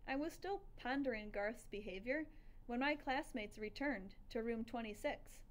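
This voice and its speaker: A woman narrating a children's storybook aloud in the first person, with lively, expressive storytelling. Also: fairly high pitch, moderate pace. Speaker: audiobook reader.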